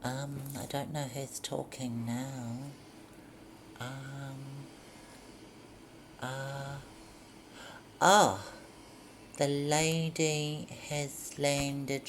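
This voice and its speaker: A woman reading a novel aloud in a mocking, sarcastic, profane way. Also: a bass voice. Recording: clear background noise.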